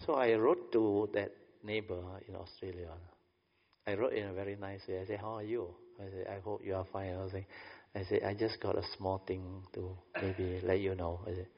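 Gravelly man in echoing hall. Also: low-pitched, little pitch movement, moderate pace. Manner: storytelling, often repeats "I said" and checks "understand?"; chuckles often between lines. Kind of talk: anecdotal dharma talk. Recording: dull reverberant hall recording.

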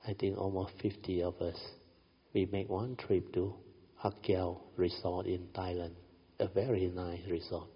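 Low husky man, Malaysian English, reverberant hall. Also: level tone, unhurried. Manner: chatty, frequent "you know", light laughs. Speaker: speaker recounting a family story. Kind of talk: storytelling talk. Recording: dull recording with long hall reverb.

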